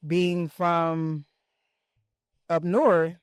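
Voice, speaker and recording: A woman's voice: fairly low pitch, steady tone, extremely slow, clean tone, dry recording, clean studio sound. A woman co-hosting a podcast in casual chat, backing up her friend with short agreeing comments. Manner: supportive, chimes in with short agreements. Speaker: podcast co-host.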